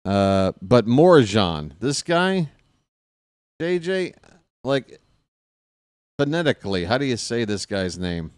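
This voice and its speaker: A man calling a baseball game on his own stream, chatting casually between pitches and cracking small jokes. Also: sing-song, takes it slowly, long pauses, smooth, no echo, clean studio sound. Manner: casual, self-deprecating, jokey between pitches. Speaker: fan play-by-play broadcaster. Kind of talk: solo baseball play-by-play with chatty asides.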